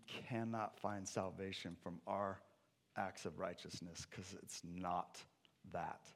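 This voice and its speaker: Man preaching a lively conversational sermon. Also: sits low, slow. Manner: conversational, swings from loud urgency to quiet intensity. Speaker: pastor.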